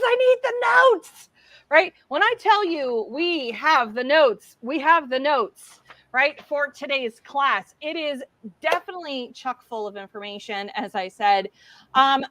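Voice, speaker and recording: A woman's voice: high-pitched, fairly bright tone, no echo. A woman hosting a casual livestream, chatty and bubbly, laughing easily as she greets viewers by name. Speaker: livestream host.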